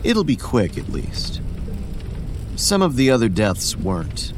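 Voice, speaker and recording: A man narrates a horror story in first person, voicing a weary homeless boy who looks about eleven, and his delivery is quiet, measured and tired. His voice is mid-range with huge swings in pitch, and soft music plays underneath.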